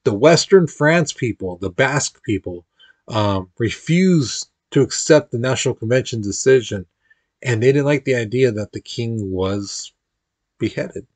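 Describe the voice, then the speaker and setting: A man's voice: mid-range voice, lively intonation, a little slow, a little mellow, dry recording. Chatty male history teacher, dry sound. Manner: informal, chatty, acts out quotes with playful voices. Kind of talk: casual classroom lecture.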